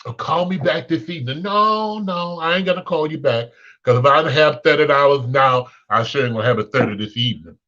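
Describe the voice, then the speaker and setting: A blunt, sassy male talk host from Chicago rants straight to his listeners, his voice leaping high whenever he is fed up. His tone is bright and forceful throughout. The recording is dull and lo-fi. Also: fairly quick. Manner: blunt, sassy, swings pitch up when exasperated. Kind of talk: unscripted monologue rant.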